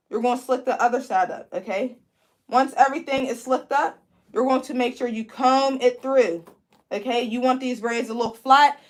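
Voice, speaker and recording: A young woman from Pennsylvania with a Pennsylvania accent, chatting with viewers as she teaches braiding on a livestream. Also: sits high. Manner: chatty, talks to viewers as "y'all". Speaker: braiding instructor hosting a livestream. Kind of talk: live tutorial with chat reading.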